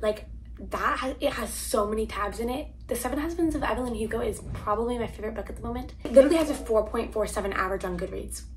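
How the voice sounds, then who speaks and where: A woman's voice: fairly high pitch, fast, slight background noise. Chatty teenage girl vlogger. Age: teens. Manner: chatty, rambling, lots of "like" fillers. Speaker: book vlogger. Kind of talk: casual reading wrap-up chat. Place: home, family noise nearby.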